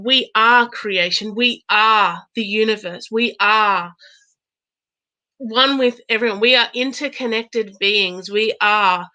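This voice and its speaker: A woman in her thirties hosting a live oracle card reading, chatty and bubbly, laughing often and slowing into a gentle coaching tone. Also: mid-range voice, low-quality recording. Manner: slows into gentle, coaching tone for affirmations. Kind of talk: live-stream chat with viewers.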